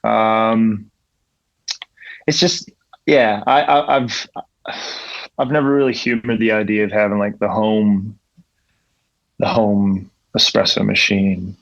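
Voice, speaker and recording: A man's voice: on the low side, vocal fry, no room sound. A young man from Ontario, a coffee professional and podcast guest, rambling in a laid-back way, swearing freely, with lots of "like.". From Ontario, Canada. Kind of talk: casual chat. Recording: dull lo-fi podcast audio.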